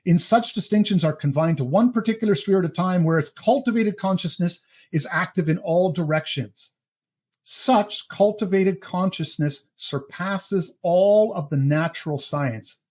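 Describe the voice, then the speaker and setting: A man reading a philosophy text aloud and pausing to comment on its terms in a measured way. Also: high-pitched, a little mellow. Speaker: podcast co-host.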